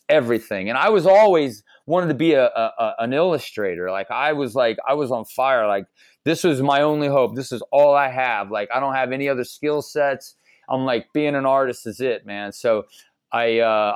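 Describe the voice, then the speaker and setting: A man's voice: medium pitch, dry recording. A middle-aged man from Ohio tells his own life story as a podcast guest. His delivery is casual and slangy, full of "like" and "dude". His voice sits in an ordinary middle register, recorded close and dry with no room sound.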